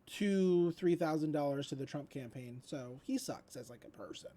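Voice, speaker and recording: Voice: medium pitch, normal speed, warm tone. A podcast host giving a casual, rambling recap of a cartoon episode, with lots of likes and ums.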